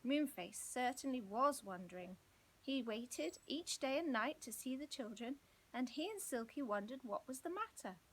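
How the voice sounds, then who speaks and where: Woman, storybook reader, high voice, lively pitch, expressive telling. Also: normal speed, breathy edge, poor audio. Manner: expressive, gently dramatic storytelling. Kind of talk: children's story read aloud.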